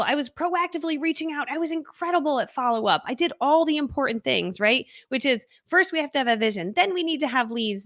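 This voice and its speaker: Woman, bubbly, chatty, fairly high voice, dry webcam sound. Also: dry recording. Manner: bubbly, chatty, quick to laugh, acts out quoted voices. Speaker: network marketing coach. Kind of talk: casual storytelling to camera.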